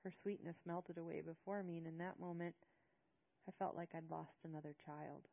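A woman narrating a first-person audiobook in a hushed, sorrowful manner. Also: on the low side, fairly even intonation, normal speed, creaky, highs cut off.

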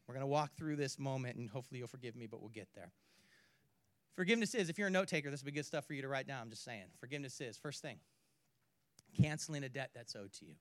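A man preaching a sermon, swinging from hushed to loud and back, with playful asides. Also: medium pitch, no echo. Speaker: pastor.

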